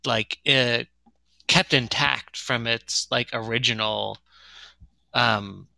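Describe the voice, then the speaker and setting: A man's voice: medium pitch, fairly even intonation, slow pace, gravelly, pushed and bright, dry recording. A man co-hosting a podcast who talks hesitantly with many fillers while reading from his notes. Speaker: podcast co-host. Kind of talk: casual chat.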